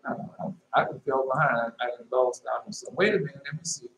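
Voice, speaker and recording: A man preaching informally and telling a dream, emphatic, repeating his phrases and jumping into sudden high shouts. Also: fast. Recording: echoey room with faint noise.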